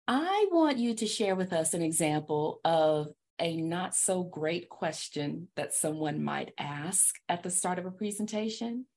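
A woman's voice: fairly low pitch, expressive, slow pace, a little mellow. A woman hosting a podcast interview about public speaking, upbeat and emphatic, laughing often. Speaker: podcast host. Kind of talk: conversational interview.

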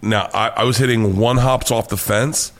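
A male comedian from the United States tells wild stories in a casual interview. He swears freely and gets animated, often breaking into laughter. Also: lowish voice, moderate pace. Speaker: comedian guest.

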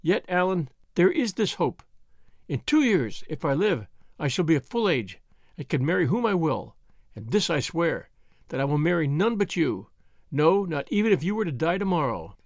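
Brief: soft, solemn young woman in love, read by a man, lilting audiobook voice. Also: a little high, sing-song, normal speed, dry recording, studio quality. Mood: tender, sorrowful. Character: young woman, earnest, tender and sorrowful. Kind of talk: audiobook reading.

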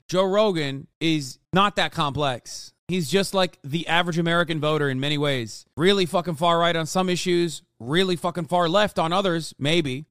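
A man in his thirties streaming, reacting to a video with an angry, profane rant that bursts into shouts. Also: fairly high pitch, clean tone, no room sound, studio quality. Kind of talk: ranting reaction commentary.

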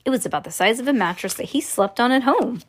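A woman's voice: fairly high pitch, lively intonation, quick pace, husky. A woman reading a children's story aloud in plain narration, with chatty asides to a listener. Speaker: reader.

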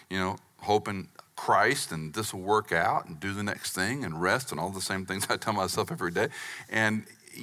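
A middle-aged man preaching a sermon as pastor, swinging from loud emphatic peaks down to near-whispers. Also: fairly low pitch. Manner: animated, rising to near-shouts for emphasis, dropping to whispers.

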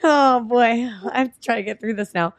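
A woman's voice: fairly high pitch, normal speed, no echo. A woman co-hosting a podcast, playful and jokey in casual chat. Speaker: podcast co-host.

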